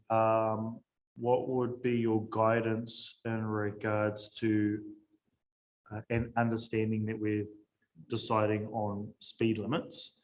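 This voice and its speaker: A man, a councillor questioning staff at a council hearing, halting with many fillers. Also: lowish voice, low-quality recording.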